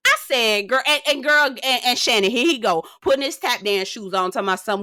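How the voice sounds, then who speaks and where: Bright, fired-up woman ranting to viewers. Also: a little high, expressive, brisk, few pauses, no room sound. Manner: sassy, hollering, talks straight to viewers. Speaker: gossip commentary host. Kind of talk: ranting recap commentary.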